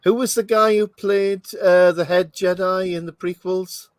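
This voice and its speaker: Host for a watch-along commentary: a rambling man, higher voice, dry sound. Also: steady tone, a little slow, smooth, no room sound. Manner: rambling, thinking aloud with many fillers. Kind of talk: casual movie commentary.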